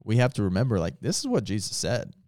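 Male pastor, low voice, smooth and clear, emphatic casual talk, dry close sound. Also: wildly swooping pitch, quick pace, darkish tone, no echo. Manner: earnest, emphatic, with lots of filler words.

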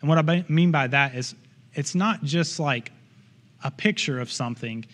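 A man's voice: fairly high pitch, moderate pace, a bit bright. A man preaching a sermon in church, in an earnest, conversational way with frequent asides to the congregation. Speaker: pastor.

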